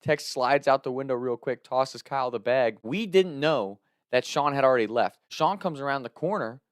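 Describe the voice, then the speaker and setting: A man tells a wild story on his vlog. His voice is mid-pitched and he laughs between lines, cursing freely. The sound is dry and close, with no room around it. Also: lively intonation, moderate pace, dry recording. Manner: earnest and heartfelt when thanking viewers. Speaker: storyteller and content creator. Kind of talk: storytime vlog, comic anecdote.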